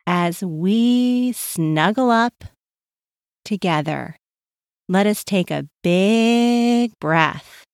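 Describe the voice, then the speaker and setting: Very slow soothing woman guiding children. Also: mid-range voice, slight background noise. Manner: slow, soothing, sing-song chanting. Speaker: podcast host guiding parent and child. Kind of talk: guided calm-down exercise for kids.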